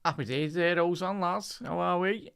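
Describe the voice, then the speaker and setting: A man's voice: sits high, normal speed, creaky, a bit bright, clear, resonant tone. A man with a Scouse accent giving casual live match commentary on a stream, chatting to his viewers and calling them lad and chat. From Liverpool, England.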